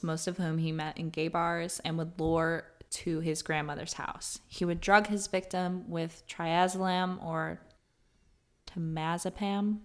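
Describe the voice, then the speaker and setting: A young woman with a fairly low voice co-hosts a true crime podcast. She reads the case details steadily, now and then breaking into nervous laughter. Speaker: podcast co-host.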